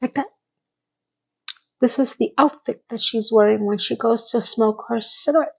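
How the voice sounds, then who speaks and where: A woman gives a casual recap of a TV episode, her commentary blunt and exasperated, repeating words for emphasis. Her voice is on the high side, creaky, husky and a little mellow, at normal speed, on a muffled recording.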